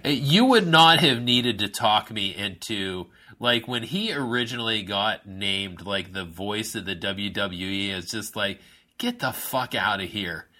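A man co-hosting a casual wrestling podcast chat, joking and swearing casually in a relaxed way. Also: fairly low pitch, unhurried.

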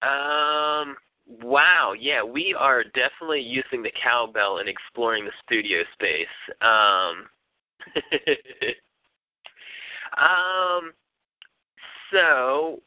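A man co-hosting a casual wrestling podcast, talking in halting bursts full of fillers and restarts. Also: mid-range voice, animated, no echo. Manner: hesitant, many fillers and restarts. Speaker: podcast co-host. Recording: dry, phone-like narrow sound.

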